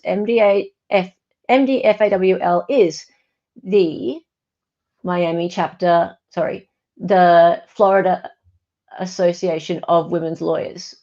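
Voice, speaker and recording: A woman's voice: lowish voice, slow pace, mellow. An Australian woman hosts a casual livestream and reads viewer comments aloud. She talks in a chatty, wry way and corrects herself mid-sentence. The recording sounds dull and lo-fi. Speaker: online commentator.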